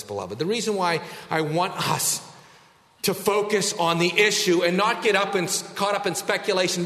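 A man preaching a sermon as pastor, emphatic, slowing down to stress key words. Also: fairly high pitch, a bit bright, reverberant, long reverb tail.

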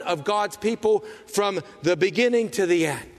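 A man preaching a sermon as pastor, emphatic, asking rhetorical questions and swinging from loud to hushed. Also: high-pitched, expressive, normal speed, few pauses, long reverb tail.

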